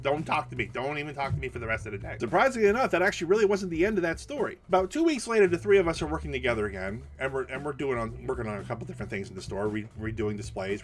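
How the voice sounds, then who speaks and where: A man telling a retail work story in a casual rant, animated and full of restarts. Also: mid-range voice. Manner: animated, acts out the people in his story; repeats and restarts words often. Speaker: storytelling vlogger.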